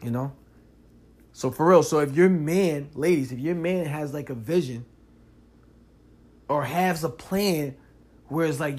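A man's voice: fairly high pitch, unhurried, long pauses. Fired-up young man podcasting solo. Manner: animated, talks straight to the listener, rising loud when worked up. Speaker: podcast host. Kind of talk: casual monologue.

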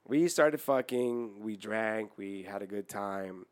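A man's voice: on the low side, takes it slowly, clear, resonant tone. A man hosting a podcast, telling a crude story in casual chat, swearing often and laughing as he goes. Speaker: podcast host.

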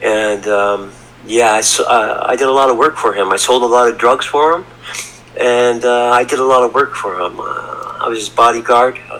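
Man, middle-aged, bright voice, rambling anecdote, faint ambience. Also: medium pitch, steady tone, normal speed, slight background noise, poor audio. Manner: rambling, repeats words, laughs while telling. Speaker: podcast guest. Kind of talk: casual storytelling.

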